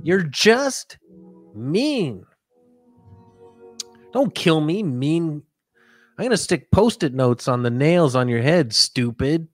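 A man voicing a whiny, indignant guy who scolds hell demons in a high, loud, petulant tone. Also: very animated, slow pace, pauses often, no echo, faint music behind, exaggerated voice.

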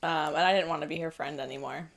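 A woman in her twenties telling a personal story as a podcast guest, chatty and animated, full of fillers. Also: deep voice, fast, gravelly. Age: 20s. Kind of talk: casual storytelling.

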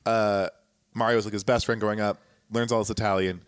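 A man's voice: on the low side, flat delivery, brisk, clear, resonant tone, no room sound. A man co-hosting a podcast who tells stories in a rambling, casual way. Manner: rambling, lots of restarts. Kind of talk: casual chat, storytelling.

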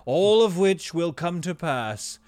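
Man, comic sketch player, fumbling and apologetic, animated pitch, dry sound. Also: takes it slowly, no echo. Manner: awkward, apologetic, exasperated. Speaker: comedy sketch performer. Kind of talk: improvised comedy sketch.

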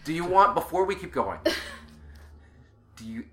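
A player improvising in a tabletop role-play game with a deadpan, cheerfully oblivious manner. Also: medium pitch, normal speed.

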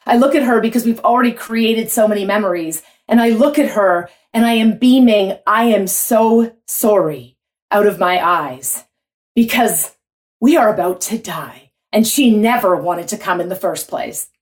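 A woman telling a vivid personal story to an audience, in an animated way. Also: medium pitch, normal speed.

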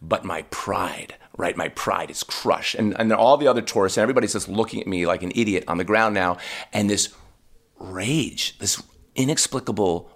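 A man guest on a podcast, telling a story about himself in a casual, animated, self-deprecating way. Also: low-pitched, fairly quick, vocal fry.

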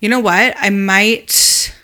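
Bright, eager woman chatting. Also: mid-range voice, steady tone, slow. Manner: eager, reactive, lots of gasps and exclamations. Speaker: podcast co-host. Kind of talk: casual chat.

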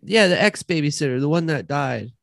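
A man performing an excitable improv comedy scene, often yelping. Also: on the high side, a little fast, vocal fry, no room sound, studio quality.

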